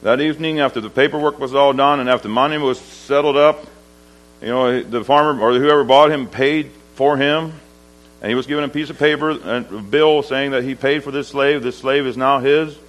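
A man preaches to a gathering in a livestock auction barn and tells his lesson as a plain, homespun story. He halts often, filling gaps with um's, and slows down on the words that matter. His voice sits at an ordinary pitch for a man. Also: fairly even intonation, fairly bright tone, low-quality recording. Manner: halting and homespun, with many pauses and um's, slowing down for weight. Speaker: lay preacher. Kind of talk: storytelling sermon.

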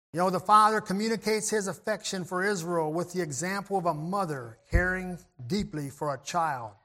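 High-voiced man preaching a gentle sermon. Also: normal speed. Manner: gentle, reflective, with frequent throat clearing and restarts.

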